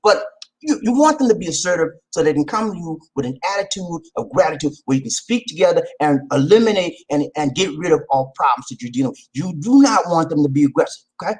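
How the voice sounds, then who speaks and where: A man hosting a casual advice talk, animated and preachy, with slang and loud laughs at his own jokes. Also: fairly high pitch, fast, low-quality recording. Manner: slangy, repeats "man" and "okay". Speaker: vlog host.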